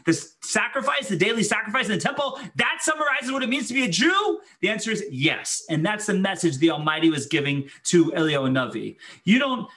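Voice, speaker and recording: A man lectures as a rabbi in a fairly high voice that swings widely in pitch. He tells the story with energy and acts out the voices he quotes, sometimes laughing as he goes. His tone stays bright and clear. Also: big pitch swings, fairly quick, hardly any pauses.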